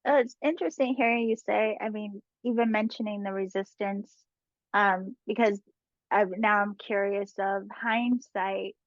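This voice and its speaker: A woman's voice: medium pitch, fairly even intonation, a little slow, no room sound. Woman host asking a guest questions, kinda dull dry sound. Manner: curious, asks open questions. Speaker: podcast host. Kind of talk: interviewing a guest. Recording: dry, slightly dull lo-fi audio.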